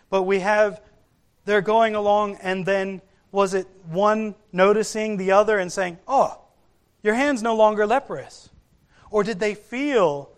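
A man preaching a sermon, telling a Bible story in a storytelling way and acting out the voices of the people in it. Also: sits high. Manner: slow, storytelling delivery that acts out quoted voices.

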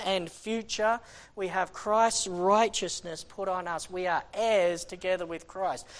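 A man preaching a sermon with fervent conviction. His delivery rises to loud, pleading bursts and then drops into quiet, sighing asides. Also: high voice. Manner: impassioned, swings between loud exhortation and quiet, sighing asides. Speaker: missionary preacher.

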